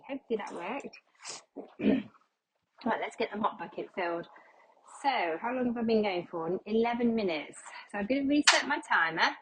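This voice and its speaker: A woman's voice: on the high side, expressive, a little fast. A middle-aged woman chatting casually as she cleans her floors at home, a little under the weather. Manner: chatty, talking along while doing housework. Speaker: cleaning vlogger. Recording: noisy home recording with household clatter.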